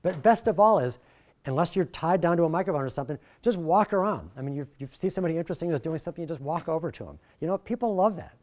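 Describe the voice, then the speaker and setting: Man, middle-aged, workshop presenter, jokey and animated, slightly high voice, big swings in loudness. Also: very fast. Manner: animated, jokey, swings pitch and volume a lot. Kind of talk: lively workshop talk.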